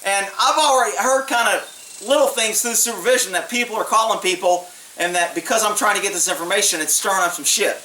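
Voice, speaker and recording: Blunt, profane cop telling a story. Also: male voice, sits high, fast talker, bright, forceful tone. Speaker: police officer telling a story. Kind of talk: casual storytelling. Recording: roomy distant mic, faint hiss.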